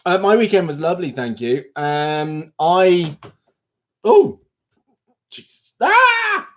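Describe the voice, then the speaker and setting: A man hosting a casual livestream, chatting playfully and answering viewers' comments aloud, with sudden high exclamations. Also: lively intonation, a little slow, a little mellow. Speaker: livestream host.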